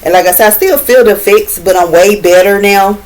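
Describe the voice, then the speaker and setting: A middle-aged woman vlogger talks straight to her viewers in a casual storytime. Her voice sits at an ordinary middle pitch, and her speech is loose and slangy, with swearing and constant asides of "you know what I'm saying.". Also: brisk, darkish tone, poor audio.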